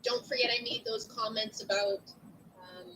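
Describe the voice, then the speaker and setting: A woman teacher with a big, loud voice talks through an online lesson into her computer. Her pitch sits a bit high and swings widely as she explains, checking in with "right?" again and again. A faint hiss lies under the recording. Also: moderate pace, poor audio. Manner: chatty, animated, asks "right?" often. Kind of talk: online lecture to students. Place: at home at a computer. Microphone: computer mic.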